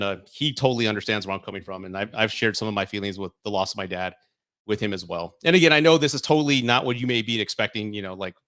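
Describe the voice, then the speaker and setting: A man's voice: medium pitch, fairly bright tone. Heartfelt rambling man on a live stream. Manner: open, heartfelt, rambling with many restarts. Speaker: YouTube host answering live chat. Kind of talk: casual live-stream chat.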